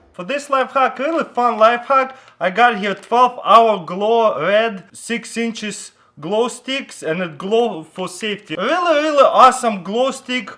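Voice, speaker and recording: A man with a raised, light voice walks the viewer through simple tricks in a casual how-to vlog. His English is loose and non-native, full of excitement. He breaks off to talk to his dog over a light background hiss. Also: sits high, rough recording. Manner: chats to his dog while filming. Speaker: vlogger demonstrating life hacks.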